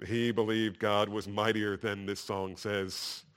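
A man's voice: lowish voice, level tone, slow pace, a bit bright, smooth. A man preaching a sermon. He reads verses with rising fervor and explains them in a conversational aside. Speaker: pastor.

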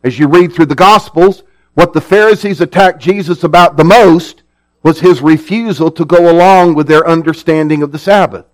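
High-voiced man preaching a sermon. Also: rough recording. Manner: measured, earnest teaching delivery.

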